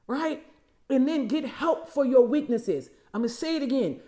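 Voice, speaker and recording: A woman's voice: high-pitched, expressive, normal speed, warm tone. A woman in her forties giving an emphatic motivational talk as a coach, often repeating key phrases and calling listeners y'all. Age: 40s. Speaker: vision and empowerment coach.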